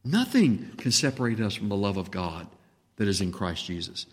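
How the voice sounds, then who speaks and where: A man preaching a sermon as pastor, impassioned, dropping to a hush and then rising to a booming voice. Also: sing-song, normal speed. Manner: impassioned, swings between hushed and booming when voicing Jesus. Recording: reverberant hall.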